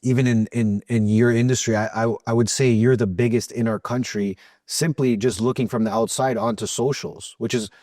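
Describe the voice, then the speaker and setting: A male podcast host with a mid-pitched voice asks long, loose questions. He fills them with ums and repeats his words as he goes. The recording is dry and close. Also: fairly even intonation, fairly quick, hardly any pauses, a little mellow, dry recording. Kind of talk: interview questions.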